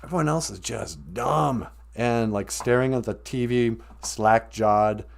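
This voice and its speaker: A man's voice: mid-range voice, measured pace, gravelly. A man from Minnesota, telling a loose, joking, rambling story on a live stream.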